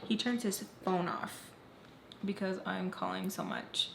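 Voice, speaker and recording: A woman recounts a storytime for her vlog in an emphatic, candid way, not shy of blunt swearing. Her voice sits at an ordinary middle pitch. It is recorded in a roomy, echoing space with a faint hiss underneath. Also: fairly even intonation, measured pace, gravelly, fairly bright tone. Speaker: vlogger. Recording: roomy echo, faint background noise.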